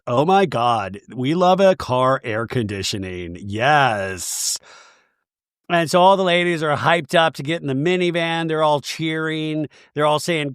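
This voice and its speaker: A man hosting a podcast, recapping a reality show in a jokey, animated way and slipping into quick mock voices. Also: a little high, clear, resonant tone, dry recording, studio quality. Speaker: podcast host.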